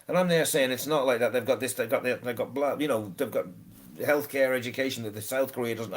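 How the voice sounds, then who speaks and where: A man's voice: medium pitch, brisk. A man in casual podcast chat, ranting, swearing freely and stumbling over repeated words.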